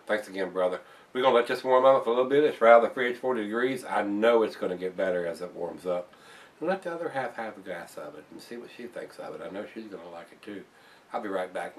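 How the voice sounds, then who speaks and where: A man with a lowish voice rambles through a casual beer review, repeating himself and calling his viewers guys. He sits back a little from the mic, so he sounds slightly distant.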